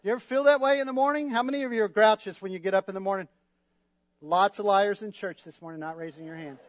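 A male pastor preaching a sermon in a lively, joking way, often asking the congregation for responses. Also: high-pitched, fast, no echo. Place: church.

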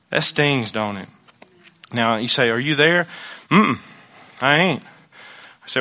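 A male pastor preaches a brisk sermon to his church, swinging between loud exclamations and low, hushed asides.

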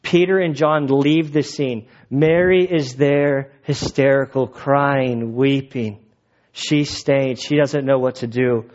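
A man's voice: medium pitch, steady tone, slow, darkish tone. A man preaching a sermon in a casual, conversational way, retelling the text with asides. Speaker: pastor. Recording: dull lo-fi recording.

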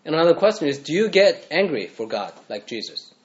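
A man's voice: a little high, sing-song, fairly quick. Earnest preacher man, dull lo-fi recording. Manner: earnest, asks the listeners repeated rhetorical questions. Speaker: pastor. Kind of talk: sermon.

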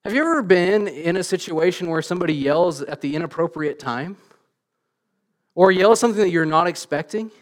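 Casting: middle-aged male pastor, lightly higher voice, lively self-mocking storyteller in church. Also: brisk. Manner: animated storytelling, self-deprecating, many restarts. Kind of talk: sermon.

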